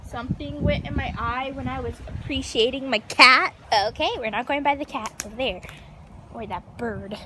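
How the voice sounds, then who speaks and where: Holding her phone in a backyard, a young woman vlogs in a high voice at a moderate pace, excitable and giggly, gasping and sometimes slipping into a whisper. The outdoor recording is noisy, with animals audible in the background.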